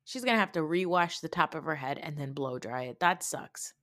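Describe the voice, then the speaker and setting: A woman's voice: sits low, expressive, a little fast, a bit bright, dry recording, studio quality. A young woman hosting a podcast, giving a casual, blunt reality-TV recap with swearing and mocking asides. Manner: opinionated, blunt, swears freely; mocking imitations of people. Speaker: podcast host.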